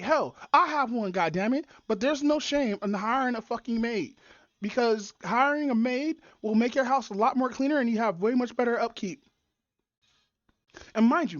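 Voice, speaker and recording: A woman's voice: fairly high pitch, no room sound. A woman streamer chatting casually while reacting to videos, swearing often and rambling with many fillers. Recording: dull, dry muffled audio.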